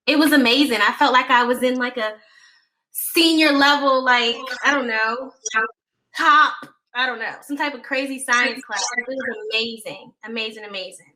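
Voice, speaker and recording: A chatty woman hosts a casual panel over a video call. Her voice sits a bit high and sounds bright and forward. She talks freely, with plenty of fillers. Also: fairly even intonation, normal speed, rough recording. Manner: chatty, upbeat, many fillers. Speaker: panel host, nonprofit executive director.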